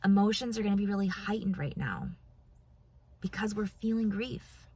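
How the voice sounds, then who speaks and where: A woman giving a heartfelt spiritual talk to her viewers, earnest and soft-spoken, pausing often and at times moved to emotion. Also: mid-range voice, animated, husky. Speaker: spiritual channel vlogger.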